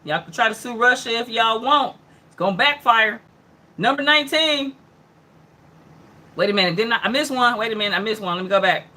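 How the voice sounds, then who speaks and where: A woman with a bright, forward voice hosts a casual livestream news show. She reads each headline aloud, then breaks off into chatty reactions, murmured mm-hmms and greetings to viewers by name. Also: a little high, expressive, a little fast, pauses often. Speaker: host of an online news hour.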